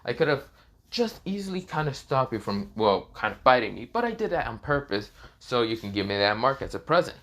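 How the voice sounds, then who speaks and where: A man's voice: medium pitch, big pitch swings, brisk, a bit bright. A man voicing a boastful young male ninja in a fan story, speaking offhand with fillers. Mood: taunting. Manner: casual, offhand delivery with fillers.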